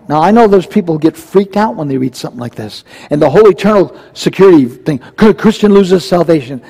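A man's voice: a little high, expressive, fast talker, warm tone, breathy edge. A male pastor preaching a verse-by-verse sermon in a conversational, emphatic way, often asking the congregation questions. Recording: long reverb from a large hall.

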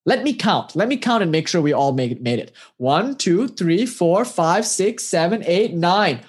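A storyteller putting on a group of distraught travelers in a parable, their voices pitched high and frantic. They sound whiny, panicked and close to tears, and they fire off anxious questions. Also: lively intonation, unhurried, slightly rough.

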